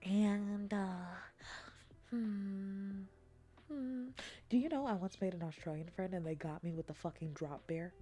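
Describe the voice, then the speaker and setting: A woman streamer in a casual, rambling chat, playful and often dropping into soft whispers. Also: mid-range voice, unhurried.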